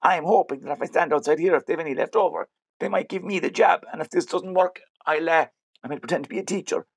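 A man doing a yelping, excitable Kerry man. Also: on the high side, quick pace, creaky, slightly rough, dry recording, studio quality, voice pushed up. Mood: excited. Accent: Kerry Irish. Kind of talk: comedy sketch.

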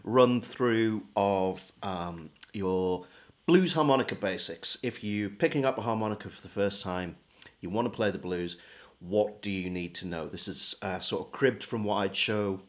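A man giving a relaxed, step-by-step beginner harmonica lesson. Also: sits low, moderate pace. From England. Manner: friendly, relaxed step-by-step demonstrating. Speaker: harmonica teacher. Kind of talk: casual video lesson.

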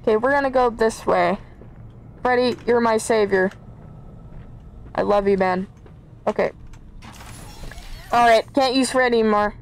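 A woman's voice: fairly high pitch, a little slow, long pauses, rough recording. A woman streaming a horror game, chatting to viewers and easily scared as she plays. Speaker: gaming YouTuber. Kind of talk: let's play commentary.

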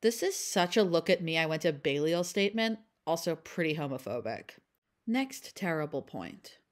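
A woman's voice: deep voice, animated, normal speed. A young woman hosting an educational commentary, blunt with sarcastic asides. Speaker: channel host.

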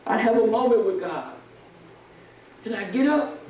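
A man preaching a sermon as pastor, moving from quiet pleading to shouted prayer. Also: high voice, lively intonation, moderate pace, slight background noise. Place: church sanctuary. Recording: echoey church hall, mic at a distance.

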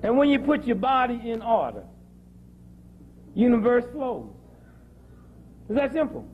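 A man's voice: extremely high pitch, big pitch swings, measured pace, phone-quality sound, slight background noise. A man giving a joking, preachy talk to a live audience, telling stories from his own life. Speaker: speaker. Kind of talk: comic health lecture to an audience.

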